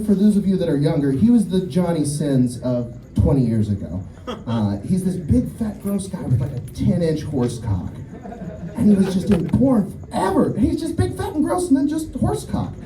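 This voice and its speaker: Animated man doing stand-up outdoors. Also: sits high, roomy sound, recorded from a distance, slight background noise, poor audio. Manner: animated storytelling, acts out quoted voices. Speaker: stand-up comedian. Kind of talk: stand-up set. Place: outdoor show.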